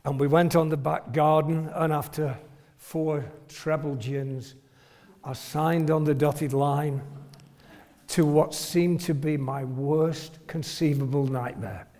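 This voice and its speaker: Slow and fairly even in intonation, his fairly high voice has a darkish tone. He's a northern English retired family doctor in his 70s, telling an audience self-deprecating, funny stories and chuckling often, with a hall's long reverb around him.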